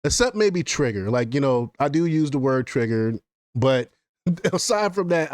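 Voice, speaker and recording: A male commentary host reads news quotes and adds his own laughing remarks. His voice sits at a medium pitch, and the recording is dry with no room echo. He stumbles and repeats words now and then. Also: lively intonation, unhurried.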